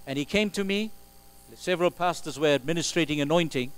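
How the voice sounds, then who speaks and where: A man's voice: fairly high pitch, brisk, clear, resonant tone, low-quality recording. Emphatic male pastor preaching. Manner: emphatic, swings from loud exclamations to quiet asides. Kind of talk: sermon. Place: church sanctuary. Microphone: live stream recording.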